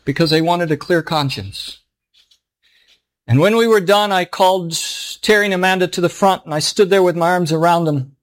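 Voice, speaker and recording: A man's voice: sits high, moderate pace. A middle-aged man, a pastor, telling a story in a sermon in an earnest, emotional way.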